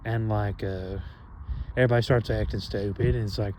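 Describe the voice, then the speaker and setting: Man, rambling monologue, lowish mellow voice, loose and profane, lots of fillers. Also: fairly even intonation, slight background noise, poor audio. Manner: meandering, profane, many fillers and trailing pauses.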